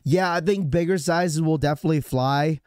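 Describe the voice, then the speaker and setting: A man with a hoarse, sore-throat voice hosting a sneaker livestream, talking to his chat in a casual, rambling way full of restarts. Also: fairly high pitch, normal speed, a little mellow, dry recording, clean studio sound. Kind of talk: casual live-stream chat.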